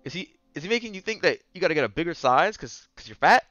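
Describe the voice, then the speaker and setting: A young man casually telling a dating story as a podcast host, moving between mumbled asides and loud outbursts. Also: a little high, quick pace, dry recording, muffled recording, faint music behind. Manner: animated, swings from mumbling asides to yelling bursts.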